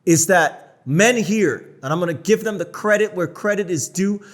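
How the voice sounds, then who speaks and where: North american guy on a podcast, kinda high voice, swears a lot, blunt and animated. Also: moderate pace. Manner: blunt, profane, animated storytelling. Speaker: podcast co-host. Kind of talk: casual podcast chat.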